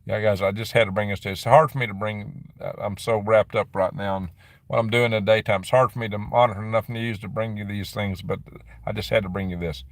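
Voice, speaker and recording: A middle-aged man streams casually from a dim room on his property, chatting and rambling as he reads viewer comments and laughs quickly in reply. He speaks at a fairly low pitch with fairly even intonation, and there's no room sound.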